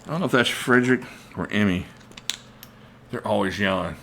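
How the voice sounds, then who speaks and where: A man with a fairly low voice chats loosely through a livestream as its host. He rambles, thinks aloud and stops to greet viewers by name, with a faint room ambience behind him. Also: fairly quick, vocal fry, a bit bright, a little hiss or hum. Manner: reads out viewer names mid-talk. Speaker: knife channel host. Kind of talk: casual livestream chat.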